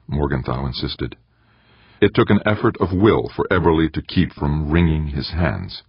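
Man narrating an audiobook, super deep raspy voice, dry dull sound. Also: normal speed, no room sound. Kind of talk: scripted narration.

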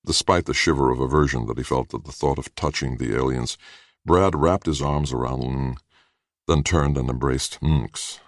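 A man reads a story aloud in a steady, measured way. His voice is very deep with a gravelly edge, and the recording is dry and close. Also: no echo. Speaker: audiobook narrator. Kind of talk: scripted narration.

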